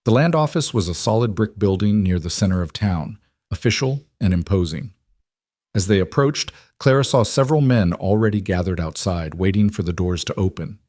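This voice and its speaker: A man giving scripted, measured narration of a western story. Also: low-pitched, darkish tone, dry recording, clean studio sound.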